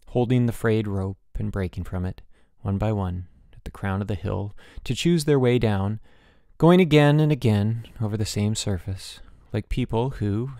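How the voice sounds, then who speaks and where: A man narrating a literary audiobook in a measured, quiet and somber reading. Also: fairly low pitch, no echo, clean studio sound.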